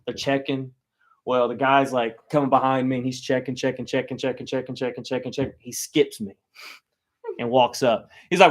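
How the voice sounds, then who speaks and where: A man telling a funny personal story to a live audience, animated and self-mocking. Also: mid-range voice, moderate pace. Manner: animated, self-mocking, acts out loud quoted lines.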